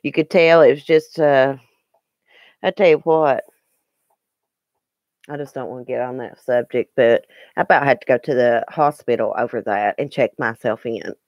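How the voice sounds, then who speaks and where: A woman's voice: extremely low pitch, moderate pace, long pauses, dry recording, muffled recording. A woman hosting a casual live stream, chatting earnestly with viewers and replying to their comments. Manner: chatty and earnest, with frequent ums and restarts. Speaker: YouTube live-stream host.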